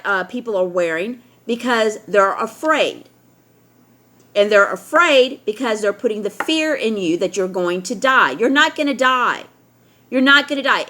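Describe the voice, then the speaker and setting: A woman's voice: on the high side, pushed and bright. A middle-aged woman vlogger talking straight to camera in a blunt, lecturing way, often ending points with "all right?". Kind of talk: opinionated talk to camera.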